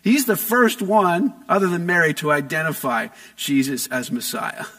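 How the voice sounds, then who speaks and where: A man preaching a sermon, reading scripture aloud and expounding on it with emphatic rises and drawn-out phrases. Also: on the high side, very animated, a bit bright. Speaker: pastor.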